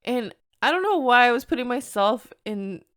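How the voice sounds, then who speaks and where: A young Mexican-American woman hosts a casual solo podcast, her voice on the high side and fairly bright, with lively intonation at a normal pace. She's candid and easygoing, slipping Spanish into her English as it comes to her and laughing often.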